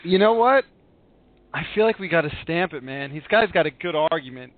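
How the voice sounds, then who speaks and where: A man's voice: fairly high pitch, animated, brisk, no echo, narrow, tinny audio. A man co-hosting a casual talk show who jokes playfully and laughs easily. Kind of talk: casual podcast chat.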